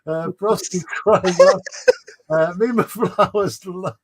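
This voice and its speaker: A man's voice: high-pitched, slow pace, breathy edge. Laughing man reading chat aloud. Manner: reads chat messages aloud with frequent laughs and fillers. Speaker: livestream host reading chat. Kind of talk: casual chat.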